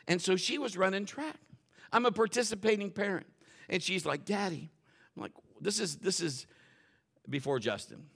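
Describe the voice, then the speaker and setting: A middle-aged male pastor preaching a sermon, telling family stories in an animated way and acting out the voices of the people in them. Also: high voice, vocal fry. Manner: animated storytelling, acts out quotes and shouts for effect.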